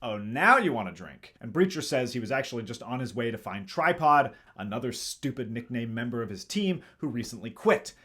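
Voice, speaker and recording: Wry man with a lively voice. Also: mid-range voice, slightly rough. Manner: sarcastic, wry asides. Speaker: host. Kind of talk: comedic movie review narration.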